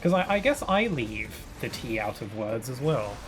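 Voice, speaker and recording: A man's voice: mid-range voice, big pitch swings, normal speed, a little hiss or hum. A British man who streams games, chatting casually with his viewers in a rambling way, restarting his sentences often. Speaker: game streamer. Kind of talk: casual live-stream chat while gaming.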